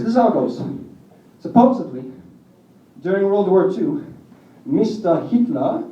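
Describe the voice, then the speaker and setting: Heard from far off in a small club, a young comedian with a high, mellow voice rambles through crude stories during his stand-up set. Laughter from the crowd fills the background of the roomy, lo-fi recording.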